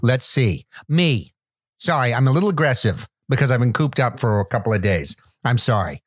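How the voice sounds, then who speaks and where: A man co-hosting a comedy podcast, talking in a deadpan, mock-authoritative way. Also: mid-range voice, moderate pace, husky, dry recording. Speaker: podcast co-host. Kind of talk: comedic casual chat.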